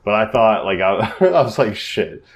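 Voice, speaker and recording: A man's voice: fairly low pitch, big pitch swings, normal speed. A man co-hosting a podcast in casual chat, sounding congested and telling rambling, profane stories. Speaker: podcast co-host.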